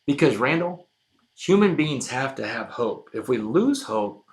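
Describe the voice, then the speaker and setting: A man telling a personal story as a podcast guest, emphatic and moving between hushed and loud passages. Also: medium pitch, big pitch swings, a little slow.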